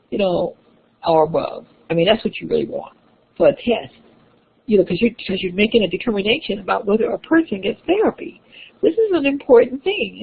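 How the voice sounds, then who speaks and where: A woman's voice: mid-range voice, vocal fry, husky. A woman instructor giving a classroom lecture, explaining step by step with frequent restarts and fillers. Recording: tinny phone-like lecture recording.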